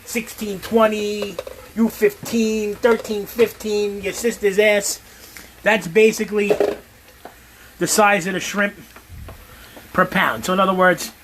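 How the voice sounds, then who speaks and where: A man's voice: high-pitched, level tone, takes it slowly, pauses often, background noise. A middle-aged man, chatting casually and profanely to viewers while he cooks in his home kitchen. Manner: brash, profane, talks straight to viewers. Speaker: home cook. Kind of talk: casual cooking livestream chat.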